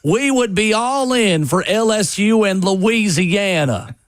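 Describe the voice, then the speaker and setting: A man putting on a fake Southern accent to read out a football coach's solemn statement, slow and drawn out. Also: sits high, animated, dry recording, clean studio sound, voice pushed up. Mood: mock solemn. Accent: put-on Southern US.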